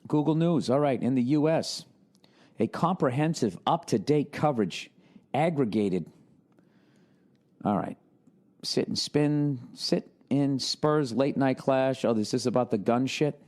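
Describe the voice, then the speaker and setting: A man's voice: medium pitch, unhurried. A man in his forties with an American accent, hosting a podcast with a rambling, profane comedic monologue. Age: 40s. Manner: profane, animated storytelling with frequent restarts. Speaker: podcast host.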